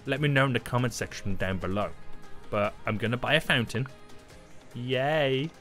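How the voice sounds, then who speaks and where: A man giving loud, jokey commentary while playing a video game, breaking into sudden shouts. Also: medium pitch, moderate pace, faint music behind. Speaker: gaming YouTuber. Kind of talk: energetic gameplay commentary.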